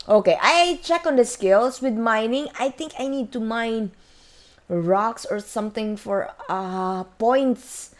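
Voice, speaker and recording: A woman's voice: a little high, animated, slow. A woman casually commenting on her own gameplay, chatting to herself and her viewers as she plays. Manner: chatty, talks to herself and viewers while playing. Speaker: gaming channel host. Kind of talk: casual let's-play commentary. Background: faint game music.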